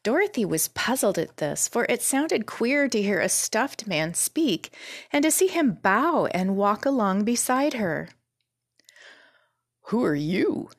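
A woman narrating a children's book in a calm, measured reading voice. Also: a little high, no room sound, studio quality. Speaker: storyteller.

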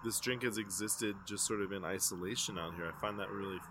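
A man chatting casually over drinks, halting and musing as he talks. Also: on the low side, over a noisy crowd.

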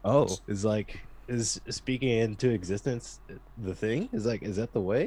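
A male musician guest chatting casually, excitable and slangy, with a heavy use of "like". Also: lowish voice, normal speed, slightly rough. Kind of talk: casual chat.

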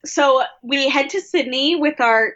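A woman with a high voice walks through a reality show episode in a dry, matter-of-fact way. Her sound is dull and lo-fi, as if from a cheap remote mic. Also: unhurried, a bit bright. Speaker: podcast co-host. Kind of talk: casual recap chat.

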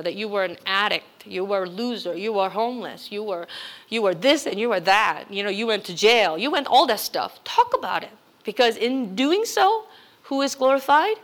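A woman's voice: mid-range voice, a bit bright. Woman, pastor, sermon, conversational, emphatic exhortation.

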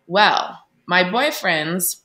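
A woman with a lowish voice and a crisp, forceful tone tells her story as an interview guest. She talks in an earnest, animated way and often breaks off and restarts. Fillers like "you know" and "like" run through her speech. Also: drawn-out words.

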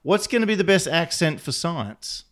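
A man's voice: fairly high pitch, very animated, moderate pace. A man hosting a casual chat, rambling and enthusiastic, often laughing as he talks.

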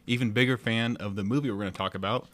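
A man's voice: on the low side, steady tone, quick pace, a bit bright. A man appearing as a guest on a film podcast, talking in a hesitant, rambling way with lots of ums. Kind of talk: casual podcast chat.

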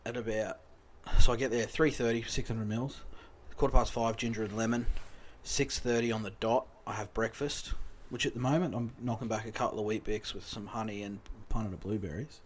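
An Australian man chatting casually on a podcast, his voice sitting at an ordinary pitch. He rambles and swears easily, getting loud when something riles him. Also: a little hiss or hum. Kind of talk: casual chat.

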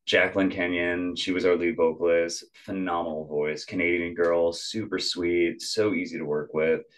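A young adult man, a musician guest on a podcast, telling a story in casual chat, acting out quotes with lots of "like" fillers. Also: sits low. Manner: animated, acts out quotes, many "like" fillers.

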